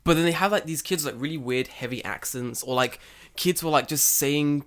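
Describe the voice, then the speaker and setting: A man's voice: a little high, fairly quick, fairly bright tone. Laughing, swearing podcast co-host man. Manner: laughs a lot, swears, acts out voices in anecdotes. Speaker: English teacher in Japan. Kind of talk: casual chat.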